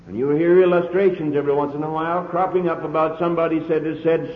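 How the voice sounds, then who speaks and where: A man's voice: a little high, fast talker, hardly any pauses. A man preaching a sermon, earnest and emphatic, with repeated phrases, heard on an old lo-fi recording. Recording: tinny lo-fi old sermon recording, roomy hall echo.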